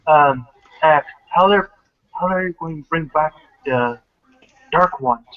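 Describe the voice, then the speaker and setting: A man playing a tabletop game, asking slow, hesitant questions. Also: fairly high pitch. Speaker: player. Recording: dull lo-fi recording.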